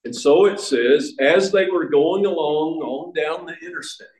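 A man preaching a sermon, slow and emphatic, repeating words for stress. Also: a little high, a little mellow. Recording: echoey room.

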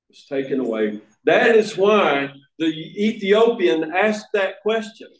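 A man preaching a sermon, slow and emphatic, repeating words for stress. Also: high-pitched, animated. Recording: echoey room.

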